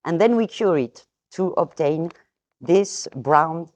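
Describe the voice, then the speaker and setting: French-accented woman explaining, lowish voice. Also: lively intonation, takes it slowly, a little mellow, dull audio. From France. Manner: explaining, hesitant with fillers. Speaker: guest. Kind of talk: casual chat.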